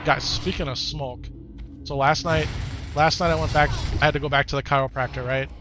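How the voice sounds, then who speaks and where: A man's voice: fairly high pitch, steady tone, brisk, over music. Chatty Wisconsin-accented streamer man. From Wisconsin, United States. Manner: chatty and easygoing, often repeats his own phrases. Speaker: game streamer. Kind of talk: live gameplay commentary while reading chat.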